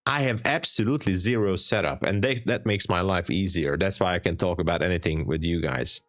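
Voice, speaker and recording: A man's voice: sits low, fairly quick, fairly bright tone, no room sound, clean studio sound. A man from Hungary with a Hungarian accent, chatting casually and joking on a trading live stream. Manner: joking, chatty, laughs often. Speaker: livestream trader.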